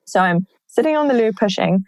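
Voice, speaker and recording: A woman guest telling her own story in an open, animated way, with many "like" fillers. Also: mid-range voice, fairly quick, no room sound, poor audio. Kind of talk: personal storytelling in a conversation.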